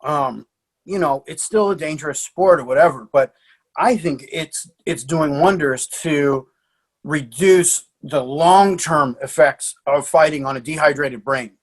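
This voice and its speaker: A man talking as a podcast guest, a martial arts coach telling lively anecdotes in casual conversation. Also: fairly high pitch, a little slow. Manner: animated storyteller.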